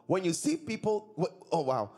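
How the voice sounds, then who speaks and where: A man's voice: sits high, huge pitch swings, moderate pace, warm tone. A man preaching a sermon as pastor, repeating his points and asking the congregation questions. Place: church service.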